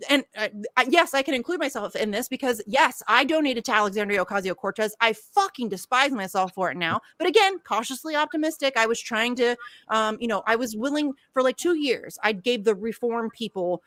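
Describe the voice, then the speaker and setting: A woman's voice: a little high, expressive, fairly quick, a bit bright, no room sound. A woman co-hosting a podcast, ranting angrily about politics in heated, profane chat. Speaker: podcast co-host.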